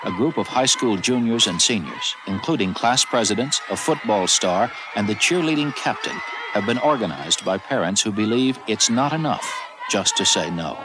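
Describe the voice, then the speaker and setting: A man giving measured, scripted narration for a documentary. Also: fairly low pitch, expressive, heavy background noise.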